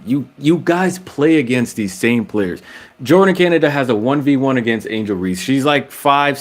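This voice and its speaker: A man giving his casual opinions on basketball in a vlog, slangy and full of restarts, his voice climbing when he gets worked up. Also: mid-range voice. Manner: slangy, frequent restarts, rising when excited. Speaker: basketball commentator vlogger.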